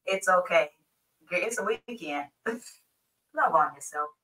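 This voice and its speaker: American woman, podcast guest, casual chat, playful, bright tone. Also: lowish voice, lively intonation, takes it slowly, distant mic, rough recording. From United States. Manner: playful, warm-hearted, laughs easily.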